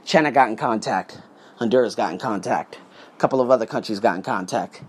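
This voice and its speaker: A man's voice: on the low side, fairly quick, husky. A man telling his story in a casual vlog from his condo, emphatic and swearing as he goes. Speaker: vlogger, English teacher. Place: condo room, indoors.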